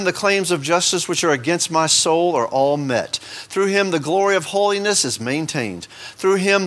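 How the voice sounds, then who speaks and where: A man preaching a sermon in a church. He lifts his voice for scripture and drops into chatty asides. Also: a bit bright. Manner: rises in pitch for emphatic scripture passages, drops into asides. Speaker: pastor. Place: church sanctuary.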